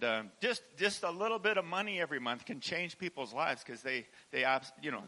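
A man's voice: mid-range voice, sharp tone, poor audio. A man telling a heartfelt charity story to a church audience, with frequent restarts and little laughs. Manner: emotional storytelling, laughs often, halting restarts. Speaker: charity founder speaking to a church. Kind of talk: personal testimony talk.

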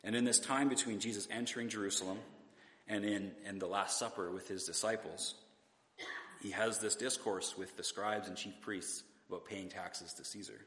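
A man's voice: fairly low pitch, steady tone, moderate pace, a bit bright, roomy sound, big-room sound. A man preaching a sermon in a church, talking in a conversational way, asking the congregation rhetorical questions and sometimes restarting his words. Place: church sanctuary.

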